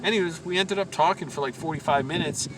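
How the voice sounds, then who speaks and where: A man's voice: a little high, fast talker. A man from Virginia telling a long rambling story in a casual, amused, self-correcting way. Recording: distant mic with loud background noise.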